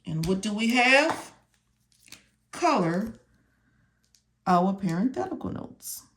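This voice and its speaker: A woman's voice: mid-range voice, sing-song, slow, a bit bright. A woman teaching medical coding step by step, repeating key words and asking and answering her own questions. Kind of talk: step-by-step tutorial walkthrough.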